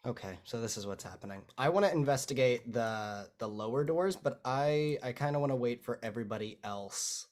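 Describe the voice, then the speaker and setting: A man's voice: medium pitch, brisk, few pauses. A man playing a tabletop role-playing game, narrating what his character does in a rambling, self-deprecating way. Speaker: player.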